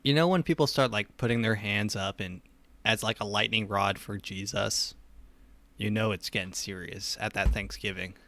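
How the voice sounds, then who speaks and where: A man's voice: fairly low pitch, normal speed, sharp tone. Joking young man, casual podcast banter. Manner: joking, laughs often. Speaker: podcast co-host.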